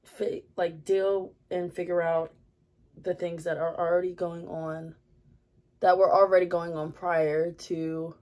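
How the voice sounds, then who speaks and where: A woman's voice: on the low side, little pitch movement, takes it slowly, darkish tone. A young woman vlogging at her makeup area at home, chatting candidly with lots of fillers. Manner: rambling, many fillers, candid. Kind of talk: casual confessional chat.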